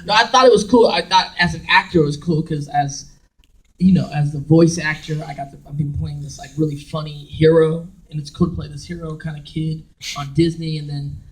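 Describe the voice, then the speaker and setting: A man, a voice actor on a convention panel, telling animated stories in a casual way and laughing as he acts out quotes. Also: on the high side, fairly quick. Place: dim convention panel room. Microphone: recorded from the audience by a camera far from the stage. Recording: distant audience recording.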